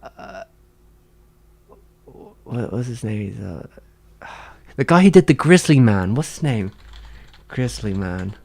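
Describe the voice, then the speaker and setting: A man's voice: mid-range voice, animated, slow pace, gravelly, pauses often, a little mellow. A man chatting casually on a livestream, answering his chat in a rambling, hesitant way with many fillers and restarts.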